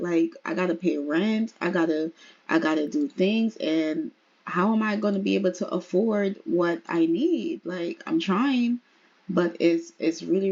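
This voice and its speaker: A woman's voice: fairly low pitch, darkish tone, lo-fi sound, voice pushed down. A woman voicing a tired young woman writer in a life-sim game, talking in a weary, venting way.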